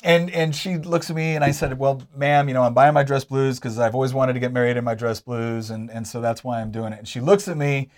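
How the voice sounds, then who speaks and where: A man in his forties chats through personal stories with an easy, self-deprecating humor. He laughs as he goes. His voice sits at an ordinary middle pitch. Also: fairly even intonation, fairly quick, hardly any pauses. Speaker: co-host telling his story. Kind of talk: casual conversational storytelling.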